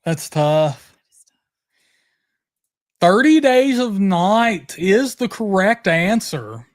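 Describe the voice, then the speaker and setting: A man hosts a live trivia game with a bouncy, very lively voice that swings up and down a lot. He is playful and teasing and bursts into excited shouts. The sound is dry and close. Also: high voice, extremely slow, no echo. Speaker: livestream host. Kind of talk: casual live trivia chat.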